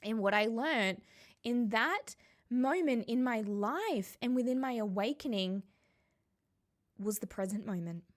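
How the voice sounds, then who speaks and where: A spiritual coach, a woman with a slightly high, animated voice, tells a personal story straight to the camera. It's conversational, reflective and heartfelt, and she slows down whenever she hits emotional words.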